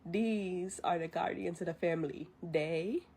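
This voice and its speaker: Solemn male ancestor spirit leader, slow and commanding, as a woman puts him on. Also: on the low side, creaky, dark tone, husky, pitched below the performer's own voice, full character voice. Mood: stern. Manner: slow, stern, deliberate.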